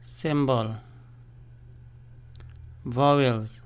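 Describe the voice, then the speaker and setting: A male teacher leads a beginner language lesson. He goes through letters and syllables one at a time, taking his time, and his voice comes across smooth and resonant. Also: mid-range voice, fairly even intonation. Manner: patient, deliberate spelling and drilling of syllables. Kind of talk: slow instructional lesson, spelling out letters.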